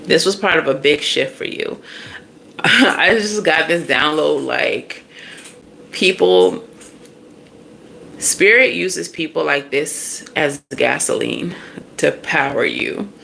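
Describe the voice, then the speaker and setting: Woman, tarot reader, casual reading, slangy, animated, laughs a lot, lowish voice. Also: slow, vocal fry, pauses often, slight background noise.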